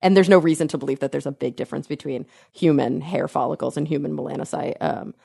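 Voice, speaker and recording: Woman, podcast co-host, low gravelly voice, dry close sound, chatty science explainer. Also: steady tone, fast, mellow, dry recording. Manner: chatty explainer, thinks aloud with fillers and self-corrections. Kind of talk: casual science chat.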